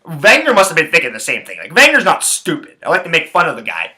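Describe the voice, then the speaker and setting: A man's voice: on the high side, huge pitch swings, fast talker, pushed and bright. A man hosting a sports podcast, ranting angrily with heavy swearing and repeating phrases for emphasis. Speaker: podcast host. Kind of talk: profane sports rant.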